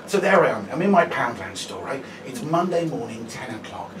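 This forties-aged stand-up has a sing-song, medium-pitched delivery at a fairly quick clip as he chats through a self-mocking story laced with "right?". Recorded live on a comedy stage with a far-off mic, the sound is roomy and the loud audience makes for a noisy background.

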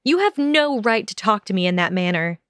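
A woman voicing a sharp-tongued, indignant teenage witch, clipped and defiant, in a fan audiobook. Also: medium pitch, lively intonation, fairly quick, smooth, dry recording, clean studio sound, close to an everyday voice.

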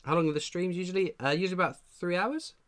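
A man's voice: high-pitched, fast, fairly bright tone. A man with a cold, hosting a casual live stream, chatting and reading out viewer names. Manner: chatty, reads out viewer names, laughs a lot. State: has a cold. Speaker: livestream host. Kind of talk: casual livestream chat.

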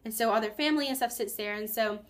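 A teenage girl talks straight to her viewers in a loose, chatty vlog. Her voice sits a little on the high side, and she rambles with fillers and asides, getting excited as she goes. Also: fast talker. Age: teens. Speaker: vlogger. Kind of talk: casual vlog chat.

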